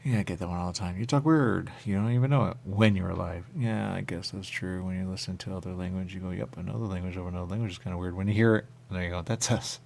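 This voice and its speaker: A man with a very low voice and a rough, gravelly fry, hosting a radio show. He rambles in loose circles, comes back again and again to a pet phrase, and jumps into squeaky high voices when he quotes others. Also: fairly even intonation, fast talker, hardly any pauses, a little mellow. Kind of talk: rambling spiritual monologue. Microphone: radio studio mic.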